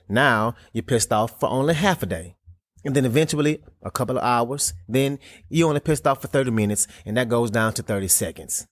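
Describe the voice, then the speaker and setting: A man hosting a solo motivational podcast, talking in an earnest, casual way with emphatic jumps in pitch. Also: no echo, clean studio sound. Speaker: podcast host.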